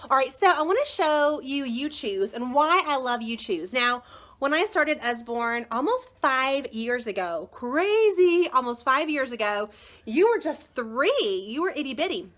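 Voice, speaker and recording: A woman's voice: sits high, big pitch swings, a little slow, a bit bright. A woman in her thirties hosting a chatty live video as a book seller, bubbly and gushing, greeting viewers by name. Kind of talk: chatty live product showcase.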